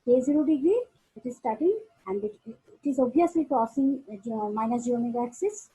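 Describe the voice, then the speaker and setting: A woman with an Indian English accent giving a recorded engineering lecture, pausing often with fillers and restarting her sentences. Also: sits high, expressive, warm tone, breathy edge, poor audio. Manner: halting, frequent uh fillers and restarts.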